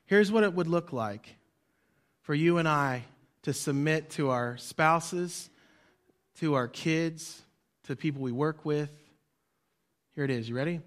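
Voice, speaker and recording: A man preaching a sermon as pastor, swinging between loud emphasis and quiet drops, leading the congregation to repeat lines after him. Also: on the high side. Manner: leads the congregation in call-and-response.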